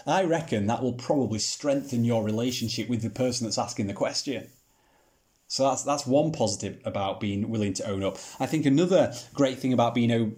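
Male teacher, even-pitched, rhetorical and dryly humorous delivery. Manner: rhetorical questions, mildly sarcastic humor. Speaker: Bible teacher. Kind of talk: scripted teaching talk.

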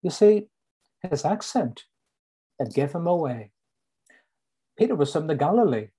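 A middle-aged man from Northern Ireland with a Northern Irish accent, preaching a sermon and slowly repeating his key lines for emphasis. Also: on the high side, sing-song, warm tone, slightly rough.

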